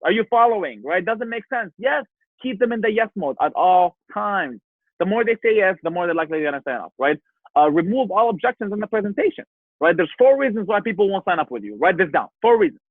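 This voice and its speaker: A man's voice: high voice, very animated, fast, no echo, narrow, tinny audio. A man giving a motivational sales training, emphatic, repeating his key points and checking in with "right?" after them.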